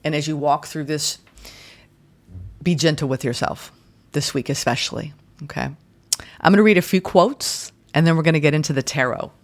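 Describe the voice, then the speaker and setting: A woman giving a guided tarot and astrology reading in a gentle, soothing way, speaking in slow, deliberate phrases. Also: low-pitched. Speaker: tarot reader.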